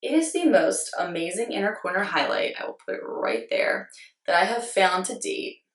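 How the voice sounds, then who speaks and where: A young woman with a slightly hoarse voice chats about makeup in a loose, rambling way, full of fillers and jokes at her own expense. She sits a little back from the mic, and the room adds a noticeable echo. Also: medium pitch, very animated, moderate pace, distant mic. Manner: chatty, rambling, self-deprecating, lots of "like". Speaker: beauty vlogger. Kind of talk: casual product review.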